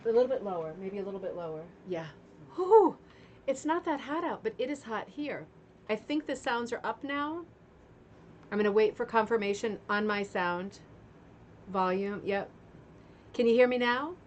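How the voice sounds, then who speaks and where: A woman's voice: medium pitch, expressive, moderate pace, highs cut off, a little hiss or hum. A woman hosting a casual craft livestream from home, chatty and greeting viewers one by one while getting over a sore throat. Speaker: livestream host of a craft club. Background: fan running.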